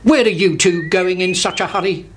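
Bold cocky storybook rooster, brisk, as a narrator puts him on; noisy backdrop. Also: mid-range voice, natural voice.

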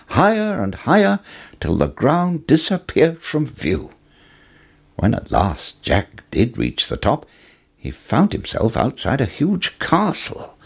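A man reading a children's fairy tale aloud, slow and deliberate. His voice is husky and slightly low, and his pitch rises and falls very widely to bring the story to life. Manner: expressive, measured storytelling. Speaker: narrator. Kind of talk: storybook narration.

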